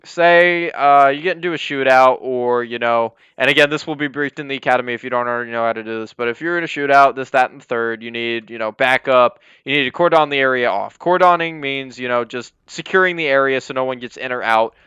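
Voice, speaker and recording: A young man rambles through a casual game walkthrough, full of fillers and little apologies. His voice is smooth and clear, recorded close and dry with a slightly dull, lo-fi tone. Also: medium pitch, brisk, hardly any pauses, pushed and bright, no echo. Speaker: roleplay server police department leader.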